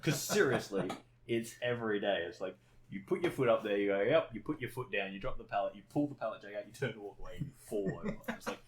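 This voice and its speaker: A man's voice: fairly low pitch, lively intonation, quick pace, background noise. A young man chatting on a podcast, telling stories animatedly, swearing freely and laughing along as he talks. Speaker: podcast co-host. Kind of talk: casual chat.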